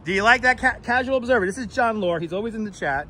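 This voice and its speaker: A man's voice: high voice, lively intonation, racing, bright, forceful tone. A man hosting a casual live stream as he walks outdoors, loose and profane, thanking viewers as he goes. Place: city streets outdoors. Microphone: wireless clip mic. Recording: outdoor street with light traffic noise.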